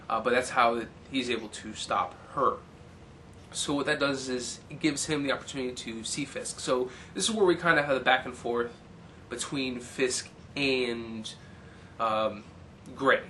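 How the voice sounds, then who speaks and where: Man, bright voice, rambling movie recap, lots of fillers, faint noise. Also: mid-range voice. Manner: rambling, many fillers, briefly mimics characters' lines. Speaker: film recapper. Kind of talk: casual movie plot recap.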